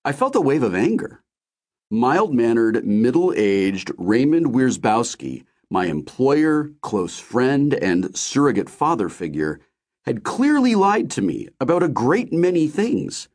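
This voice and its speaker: A man narrating a novel in the first person with expressive storytelling. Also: mid-range voice, slow. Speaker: audiobook narrator.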